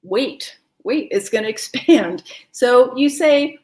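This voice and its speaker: A woman's voice: fairly high pitch, animated, slow pace, darkish tone. A woman teaching a live-streamed wellness class, talking in an encouraging, chatty way and laughing often. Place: home, no kids in the house.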